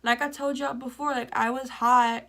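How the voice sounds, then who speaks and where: Gushing young woman with a bright voice. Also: high-pitched, moderate pace. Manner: gushing, excitable, with laughs and self-interruptions. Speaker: vlogger. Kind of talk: casual storytelling to camera.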